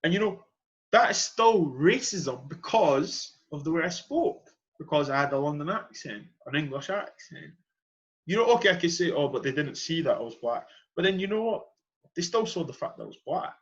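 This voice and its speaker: Passionate man, slightly raised pitch. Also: expressive, normal speed, dull audio. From Edinburgh, Scotland. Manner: passionate, emphatic, repeats key phrases. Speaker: podcast host. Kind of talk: earnest conversational monologue.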